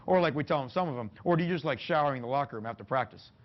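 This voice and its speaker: A football coach giving a clinic talk to other coaches in a meeting room, plain-spoken, folksy and joking. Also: male voice, mid-range voice, animated, very fast. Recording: dull lo-fi recording.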